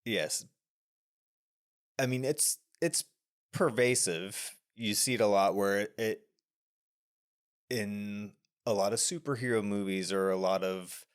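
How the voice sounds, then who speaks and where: Male podcast co-host, low voice, long meandering explanations of a film. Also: takes it slowly, long pauses, smooth. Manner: explains at length with many restarts and fillers. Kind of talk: casual film discussion.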